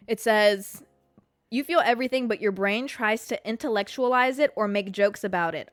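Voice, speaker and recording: A young adult woman hosting a podcast alone, talking candidly about herself, swearing freely and laughing often, her voice jumping high when she reacts. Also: moderate pace, dry recording, faint music behind. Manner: animated, jumps to high pitch when reacting. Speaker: podcast host. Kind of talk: casual solo podcast chat.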